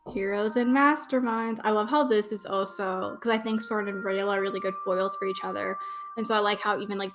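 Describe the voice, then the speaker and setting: A young woman hosting a casual fan watch-along podcast, chatty and gushing, with lots of fillers. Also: medium pitch. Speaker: podcast host giving watch-along commentary.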